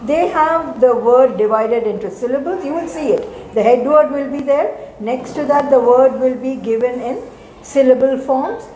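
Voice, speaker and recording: Woman, Indian English accent, teacher, explains step by step, mixes in Hindi, higher voice, echoey room. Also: moderate pace, mellow. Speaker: teacher and mentor. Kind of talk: speaking at a group meeting. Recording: echoey room, faint background noise.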